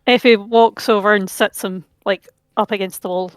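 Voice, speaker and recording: A woman's voice: mid-range voice, fairly even intonation, moderate pace. A woman playing a tabletop role-playing game, describing her character's actions in a dry, offhand way. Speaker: player.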